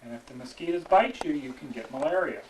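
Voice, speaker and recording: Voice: medium pitch, expressive, fast, a little mellow, slight background noise. An adult explaining travel health dangers to children in vivid, cautionary terms, recorded on home video. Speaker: health station presenter. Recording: distant roomy home video. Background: crowd chatter.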